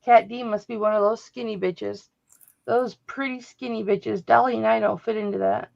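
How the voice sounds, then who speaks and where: A woman's voice: on the high side, lively intonation, normal speed, gravelly, darkish tone. A woman telling stories in casual chat on a live sale stream, joking and acting out what people said. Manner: chatty, joking, quotes people in her stories. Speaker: co-host. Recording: dull lo-fi livestream audio.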